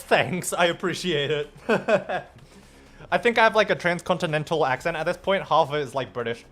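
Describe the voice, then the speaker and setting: A man's voice: fairly high pitch, moderate pace, a bit bright. A young man, a streamer, chatting casually and playfully with viewers while gaming. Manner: chatty and playful, reacts to chat. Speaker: streamer and host.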